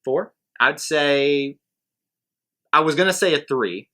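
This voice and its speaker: A man's voice: fairly high pitch, slow pace, bright, forceful tone. A man co-hosting a casual movie review chat, playful and given to acting out bits. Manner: playful, bursts into sung and acted bits. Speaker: co-host of a movie review show.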